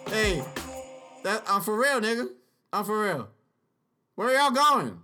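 A man's voice: high voice, very animated, slow, bright, forceful tone, soft background music. A man hosting a casual solo podcast, rambling profanely and slipping into sing-song freestyle rap into a podcast mic. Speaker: podcast host.

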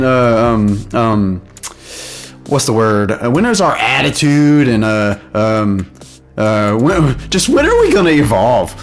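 Man on a rambling, profane rant. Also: mid-range voice. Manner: heated, rambling, swears a lot.

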